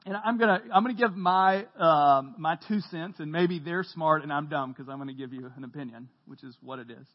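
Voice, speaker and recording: A man preaching a sermon to a congregation as pastor, telling stories with humor and lively emphasis. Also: a little high, brisk, highs cut off. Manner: animated storytelling, jokes with the congregation, shouts when quoting. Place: church hall.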